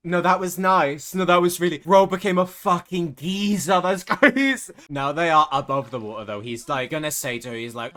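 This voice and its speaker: A man's voice: a little high, moderate pace, hardly any pauses, pushed and bright. A young man giving casual, gossipy commentary over a life-sim game, swearing and laughing often. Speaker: gaming streamer.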